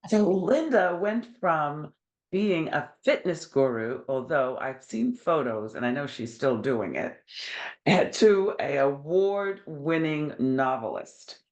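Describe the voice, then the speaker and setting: A woman with a New York accent hosts a podcast in casual interview chat, her low-pitched voice expressive, slow-paced and darkish in tone. She's chatty and enthusiastic, laughing often.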